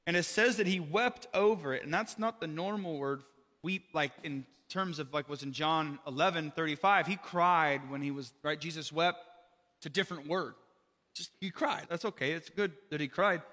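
A man's voice: a little high, bright, forceful tone, in a large hall. A man preaching a sermon in a casual, conversational way, full of fillers and asides. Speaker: pastor.

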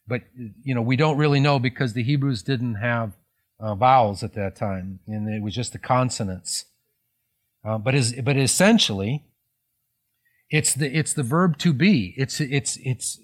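Conversational middle-aged male pastor preaching. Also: medium pitch. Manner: conversational preaching with frequent fillers and restarts. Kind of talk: sermon.

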